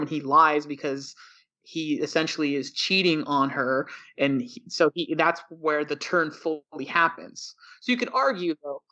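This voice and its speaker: A man's voice: on the high side, sharp tone, dull audio. Argumentative man on a film podcast. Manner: argumentative, explains step by step. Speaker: podcast co-host. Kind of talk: casual film discussion.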